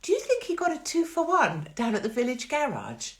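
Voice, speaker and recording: A woman's voice: high-pitched, wildly swooping pitch, a little fast, a bit bright. A middle-aged woman hosting a casual live-stream chat, talking in a chatty, blunt, sarcastic way and laughing often. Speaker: host.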